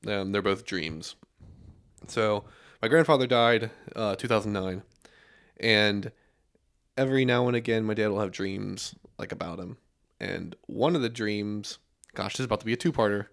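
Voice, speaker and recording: Deep-voiced young man telling stories. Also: normal speed, vocal fry. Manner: relaxed storyteller, many fillers and restarts. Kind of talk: casual podcast chat.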